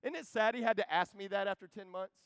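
Male preacher, impassioned, bright-toned high voice, dry close recording. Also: fast talker, smooth, no room sound. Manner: impassioned, swinging from loud urging to hushed storytelling. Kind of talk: sermon.

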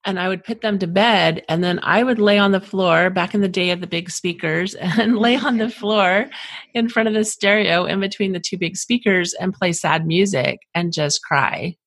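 Low-voiced woman host, affirming. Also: moderate pace, no echo. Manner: warm, affirming, reflective. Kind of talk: interview conversation.

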